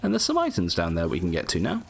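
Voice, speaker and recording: A man's voice: sits low, wildly swooping pitch, fast talker, creaky, slight background noise. A man giving casual, rambling gameplay commentary full of jokey asides.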